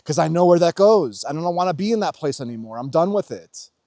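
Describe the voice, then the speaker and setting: A man delivering a casual motivational monologue about spirituality, intense and full of swearing, swinging between loud urging and low murmurs. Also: lively intonation, brisk, no room sound, clean studio sound. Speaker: spiritual vlogger.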